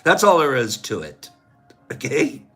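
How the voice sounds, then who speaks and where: Lively, slow-talking playful man. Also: fairly high pitch, soft background music. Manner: playful and joking, often laughing. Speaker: livestream host. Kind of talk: casual livestream chat with viewers.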